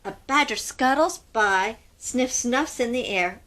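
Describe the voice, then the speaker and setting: A woman's voice: fairly high pitch, measured pace, bright, forceful tone. A woman hosting children's storytime, reading aloud expressively in a sing-song way and asking the kids questions. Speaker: storytime host.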